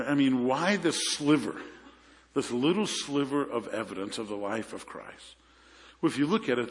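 A man's voice: medium pitch, long reverb tail. A man preaching a sermon as pastor, telling stories in a conversational way with frequent restarts. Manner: conversational storytelling with repeated restarts.

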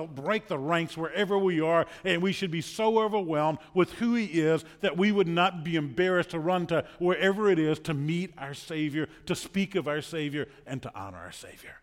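A man preaching a sermon as pastor, telling stories earnestly and repeating words when he presses a point. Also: a little high. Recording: long hall reverb.

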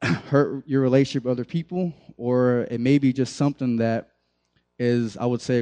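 A man's voice: medium pitch, dark tone. A young man, a youth pastor, giving a casual, conversational sermon full of restarts and direct questions to his listeners. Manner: conversational, many fillers and restarts, addresses the group directly.

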